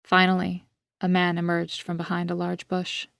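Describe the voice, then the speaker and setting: Low, flat-toned woman narrating a dark tale. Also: creaky, no room sound, clean studio sound. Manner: even, measured storytelling. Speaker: author and narrator. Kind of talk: scripted audiobook narration.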